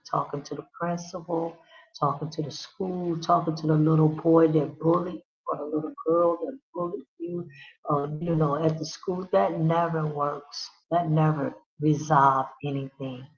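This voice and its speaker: A woman talks directly to her listener in a slow, heartfelt monologue, pressing her point by saying the same phrase again and again. Her pitch hardly moves. The recording is dull and lo-fi, with the top end muffled. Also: fairly even intonation. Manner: repetitive, emphatic, speaks straight to the listener. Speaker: channel host.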